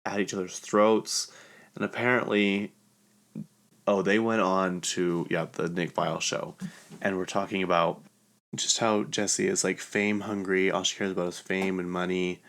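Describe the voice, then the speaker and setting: Low gravelly man rambling in casual gossip. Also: fairly bright tone. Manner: chatty, rambling, heavy use of "like" fillers. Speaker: podcast host. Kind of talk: casual gossip recap of a reality show.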